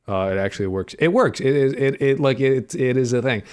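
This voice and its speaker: A young adult man, who streams and develops indie games, chats casually with his livestream audience while coding, rambling with lots of fillers, joking and swearing in playful banter with chat. His voice is medium-pitched and darkish in tone, and he talks a little fast.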